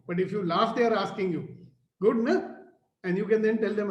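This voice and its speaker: A high-voiced man leads a morning group video call. He coaxes his listeners with question after question and laughs often. The call audio sounds echoey and roomy. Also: fast, lo-fi sound. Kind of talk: motivational group talk on a call.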